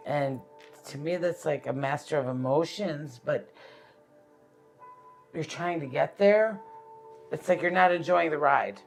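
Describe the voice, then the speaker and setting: A man giving a live-streamed tarot reading, halting and searching for words as he explains the cards. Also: a little high, gravelly. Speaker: tarot card reader.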